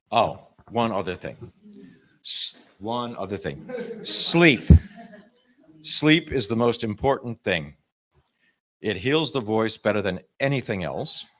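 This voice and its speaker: A man speaking on a convention panel about audiobook narration, lively and self-interrupting, with frequent restarts. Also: on the low side. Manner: animated, uses music metaphors, self-interrupting. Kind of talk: panel talk.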